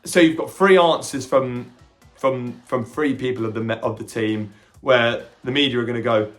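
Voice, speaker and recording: A man hosting a podcast, retelling a film with animated energy, jumping into quick character quotes and stumbling over restarts now and then. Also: mid-range voice, faint music behind. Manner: occasional stammering restarts. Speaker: podcast host reviewing a film. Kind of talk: casual film reaction recap.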